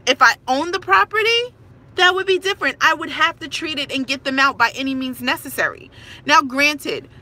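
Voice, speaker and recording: Frustrated tenant woman, thirties, emphatic phone rant, bright voice. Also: high voice, expressive, normal speed. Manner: frustrated, emphatic, repeats herself. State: stressed. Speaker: tenant filming a complaint. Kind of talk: ranting to camera.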